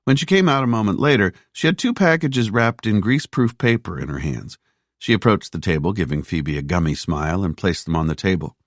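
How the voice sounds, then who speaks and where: A man narrating a thriller audiobook with a very deep, lively voice. His reading is measured and steady. The sound is dry and close to the mic. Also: dry recording. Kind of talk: scripted narration.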